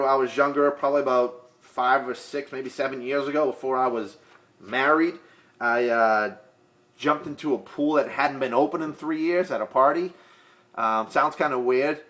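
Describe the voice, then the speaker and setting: A man's voice: mid-range voice, a bit bright. A man, a real estate agent answering viewer questions in a casual, rambling, joking way with lots of fillers. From Boston area. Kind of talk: casual vlog Q&A.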